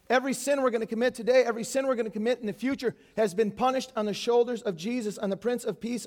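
Male pastor, high voice, earnest preaching with asides. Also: darkish tone. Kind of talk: Easter sermon.

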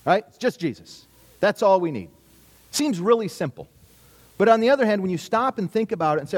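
A man's voice: high-pitched, big pitch swings, brisk. Man preaching a conversational sermon. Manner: conversational preaching with rhetorical questions and repetition. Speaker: pastor.

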